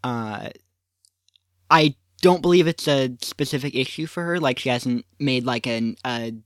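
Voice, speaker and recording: A man's voice: medium pitch, a little slow, smooth, no room sound, studio quality. A young man co-hosting a podcast, talking casually with hesitant, apologetic restarts. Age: young adult. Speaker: podcast co-host.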